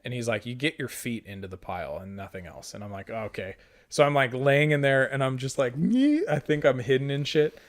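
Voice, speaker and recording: Speaking briskly in a mid-range voice, a young man who hosts a podcast casually recounts a tabletop game night. His retelling is profane and lively, full of quoted dialogue from the rest of the table.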